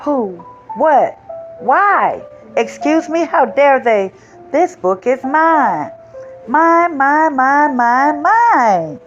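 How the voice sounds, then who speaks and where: A woman's voice: medium pitch, very animated, moderate pace, faint music behind, voice pushed up, close to an everyday voice. A woman voicing a small, boastful, possessive male seed in an emphatic, sing-song storybook delivery, on slightly dull lo-fi audio. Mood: indignant.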